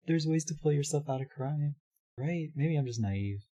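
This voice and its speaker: A hoarse young man streaming live, chatting casually, reading his chat aloud and laughing often. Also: on the high side, expressive, moderate pace, dark tone.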